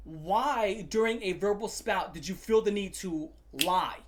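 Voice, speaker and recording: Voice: medium pitch, a little slow, few pauses, a bit bright, a little hiss or hum. A commentary host ranting angrily, swearing often and repeating phrases for emphasis. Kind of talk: profane angry rant.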